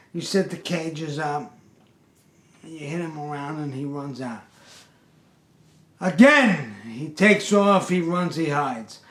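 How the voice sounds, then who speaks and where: A man telling a comic story in an animated, exasperated, streetwise way. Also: on the high side. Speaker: pest control worker and storyteller. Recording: roomy echo.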